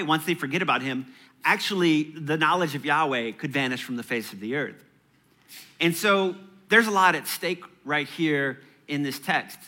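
A man's voice: on the high side, bright, forceful tone. A man in his thirties preaching a sermon in a church, conversational and playful, with chatty asides. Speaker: pastor.

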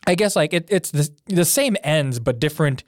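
Higher-voiced man, hesitant casual chat. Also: animated, normal speed, no echo. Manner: hesitant, full of fillers. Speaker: podcast co-host.

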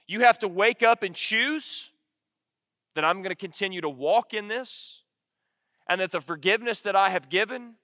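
Bright, high-voiced preacher. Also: male voice, no room sound, clean studio sound, big-room sound. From Alabama, United States. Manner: earnest preaching, repeats key lines for emphasis. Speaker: pastor. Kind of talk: sermon.

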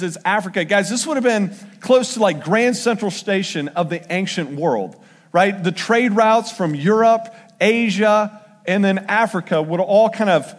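A man preaching a casual sermon, talking conversationally and acting out the quotes in changing voices. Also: high voice. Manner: conversational, acts out quotes with shifting voice. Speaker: pastor. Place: church sanctuary. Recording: long hall reverb.

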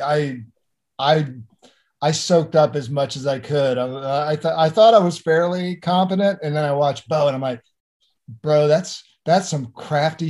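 A middle-aged man, an actor, talking in an animated interview, often restarting and repeating words. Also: fairly high pitch. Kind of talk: conversational interview.

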